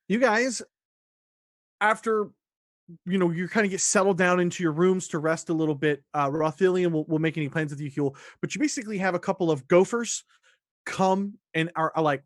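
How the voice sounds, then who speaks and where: A man narrating a tabletop role-playing game as dungeon master, casual and animated with quick asides. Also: sits high, dry recording, studio quality.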